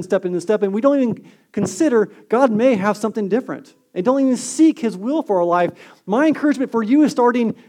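A male pastor delivering a sermon in a high, light voice. He talks earnestly, stressing his key points with force and then sinking to a soft, hushed delivery. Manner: earnest preaching, swings from emphatic to hushed.

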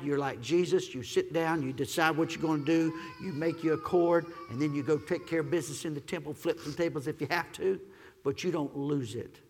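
A man preaching a sermon as pastor, swinging from shouted praise to quiet, gentle teaching. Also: a little high, in a large hall.

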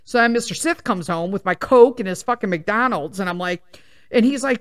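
A woman's voice: mid-range voice, brisk. A woman hosting a casual chat show, telling a story in an exasperated, profane way and acting out the other people's lines. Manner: profane, exasperated, acts out quoted voices. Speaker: podcast host.

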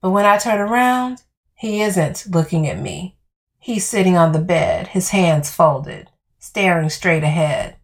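A woman's voice: on the low side, unhurried. A woman reading first-person audio fiction in a dramatic, heated, profane storytelling manner. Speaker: narrator.

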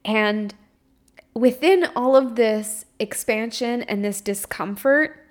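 Her voice is a little high and slow. In a candid solo episode of the podcast she hosts, this young spiritual coach confesses her fears at length, emotionally open, fumbling for words and cursing freely.

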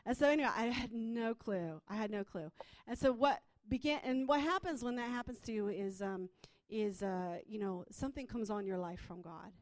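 A woman's voice: mid-range voice, normal speed, dry recording. A woman minister telling her testimony in a chatty way, full of fillers and restarts. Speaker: prophetic minister. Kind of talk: personal testimony.

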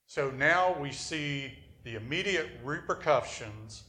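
A man preaching a sermon in an earnest, deliberate and reflective way. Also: mid-range voice, fairly bright tone, reverberant.

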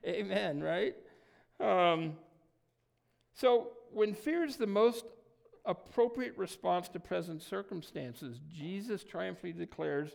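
A man preaching a sermon in a conversational way, often pausing with "um" and checking in with "right?". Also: sits high, expressive, creaky. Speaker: pastor.

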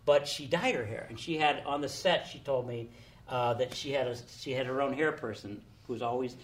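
An older man telling casual anecdotes, animated, acting out the people he quotes. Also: medium pitch, fairly quick, slight background noise. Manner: animated storyteller, acts out quotes. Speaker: storyteller guest.

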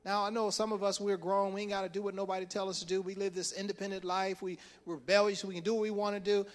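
A man's voice: high-pitched, little pitch movement, fast. A male pastor preaching a sermon, retelling a story with acted-out voices and frequent chuckles.

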